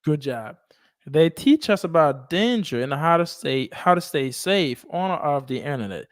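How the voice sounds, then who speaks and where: Male English teacher, slightly high voice, dry close sound, patient live-lesson coaching. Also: very animated, no echo. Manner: coaching, repeats phrases slowly, mixes Haitian Creole and English.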